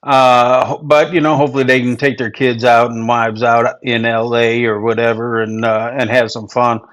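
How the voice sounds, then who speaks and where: A man's voice: medium pitch, flat delivery, moderate pace, a bit bright. A man co-hosting a casual sports show, easygoing and chatty, leaning on fillers. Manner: easygoing, lots of fillers like you know. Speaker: podcast co-host.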